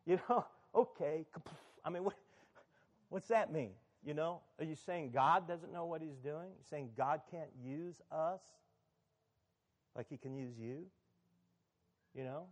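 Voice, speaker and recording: A man's voice: a little high, a little slow, long pauses. A man, the pastor of a church, preaching a sermon in a conversational, sometimes emphatic way.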